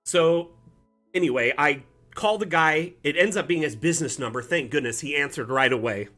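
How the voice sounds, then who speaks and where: Man, stream host, casual storytelling, rambling and animated, bright forceful voice, slightly high, faint music behind. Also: moderate pace. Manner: rambling, animated, self-correcting. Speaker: community manager streamer. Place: home, Las Vegas.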